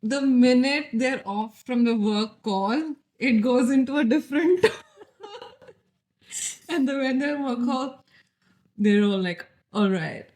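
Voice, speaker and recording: A woman's voice: high voice, slow, pauses often, darkish tone. A woman hosting a podcast, chatty and laughing as she asks long, winding questions. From India. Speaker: podcast host. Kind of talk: casual chat.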